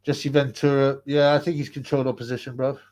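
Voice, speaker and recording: A man's voice: medium pitch, flat delivery, fast talker, a little mellow. A man chatting on his livestream, rambling and repeating words, answering viewers' comments with frequent laughs. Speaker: livestream host. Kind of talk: casual livestream chat reading comments.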